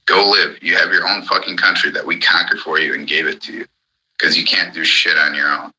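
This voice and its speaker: A man's voice: deep voice, fairly even intonation, brisk, pushed and bright, breathy edge, low-quality recording. A man in an angry, profane ranting monologue on a live audio chat, hammering the same points again and again. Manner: furious, profane, repetitive.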